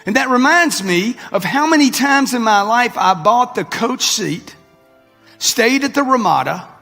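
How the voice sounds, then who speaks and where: This 60-something motivational speaker has an extremely high, sharp voice with lively intonation, yet he takes his time. Brash and preachy, he calls out to the live crowd in a large hall with slang, the echoey recording layered over music.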